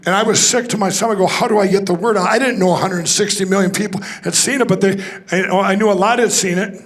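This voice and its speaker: On a conference hall stage, a man tells the audience a rambling story, restarting at points and acting out the dialogue. His voice sits high with a steady, fairly bright tone and a quick pace.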